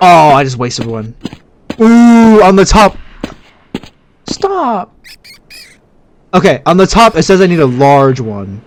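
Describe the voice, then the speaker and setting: Male let's-player, jumpy and loud at scares, unhurried between them, very animated voice. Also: high-pitched. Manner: excitable, yelps and shouts at scares; quiet muttering to himself. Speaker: gamer. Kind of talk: let's-play commentary.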